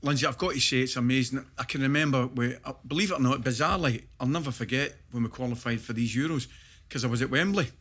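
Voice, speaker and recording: A middle-aged Scottish man, a former footballer, chatting as a podcast guest and telling stories with animated laughter. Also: medium pitch, fast, husky. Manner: animated storyteller, laughs through his stories. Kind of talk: casual podcast chat, anecdote telling.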